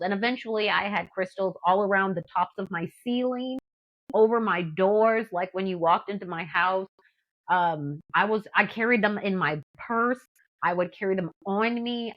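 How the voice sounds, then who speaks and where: A woman sharing her personal faith testimony in a casual, animated way, acting out what people said with lots of "like" and fillers. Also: medium pitch, highs cut off. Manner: animated, acts out quotes, frequent "like". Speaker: testimony guest.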